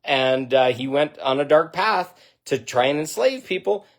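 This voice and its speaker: A man speaking straight to his viewers in an intense, profane, emphatic rant, starting off halting and sighing. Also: fairly high pitch, expressive. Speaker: vlogger. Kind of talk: direct-to-camera monologue.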